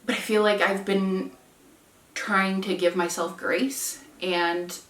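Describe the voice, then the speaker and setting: A woman's voice: medium pitch, fairly even intonation, slow pace, fairly bright tone. A woman in her twenties talking earnestly and openly in a personal home vlog. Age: 20s. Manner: earnest, heartfelt and self-reflective. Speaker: vlogger. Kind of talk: candid personal vlog chat. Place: room at home with candles lit. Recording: echoey room, mic at a distance.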